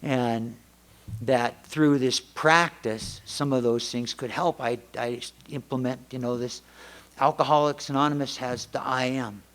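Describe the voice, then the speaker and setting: A middle-aged American man gives his testimony at a recovery meeting, restarting sentences often as his stories wander. His voice sits in an ordinary middle pitch, and he slips into the voices of his family members when he tells anecdotes. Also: fairly even intonation, unhurried, fairly bright tone. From United States. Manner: rambling, self-interrupting storyteller who acts out family dialogue. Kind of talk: personal testimony talk. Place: meeting hall before an audience.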